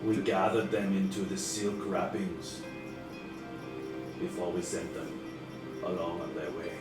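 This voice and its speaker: A weeping old dwarf mage speaks slowly and formally in a thick German accent, as a man puts him on. The voice sits low and unhurried, heard in an echoey room with music in the background. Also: level tone, recorded from a distance. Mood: grieving. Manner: grieving, halting, formal speech. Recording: echoey backyard or living room with music behind.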